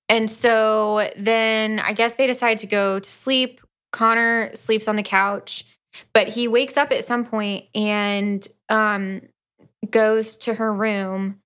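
A young adult woman co-hosting a podcast, recapping a book plot in dry, unhurried casual chat. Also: mid-range voice, fairly even intonation, fairly bright tone, clean tone. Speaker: podcast co-host.

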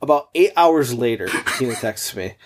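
A man's voice: mid-range voice, expressive, moderate pace. Profane, rambling man telling a story. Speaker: podcast co-host. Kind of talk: casual chat.

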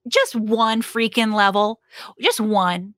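A woman's voice: medium pitch, steady tone, slow pace, fairly bright tone, dry recording, studio quality. A woman working as an HR consultant and coach, chatting casually with many fillers, restarts and laughs. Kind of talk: casual podcast conversation.

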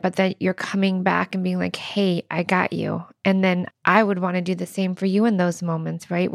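A woman's voice: fairly low pitch, vocal fry, darkish tone, no echo, clean studio sound. A woman co-hosting a podcast, explaining things earnestly and laughing easily. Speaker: podcast co-host. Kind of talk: casual podcast chat.

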